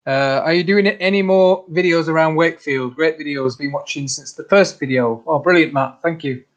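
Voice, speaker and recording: A man's voice: on the high side, moderate pace, dull audio. A man hosting a casual livestream, reading out viewer comments, laughing often and calling people mate. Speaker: channel host.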